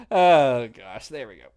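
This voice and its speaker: A man's voice: a little high, creaky, darkish tone. A man hosting a livestream, giving casual, rambling gameplay commentary with frequent laughter. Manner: laughing, rambling, chatty asides. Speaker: livestream host.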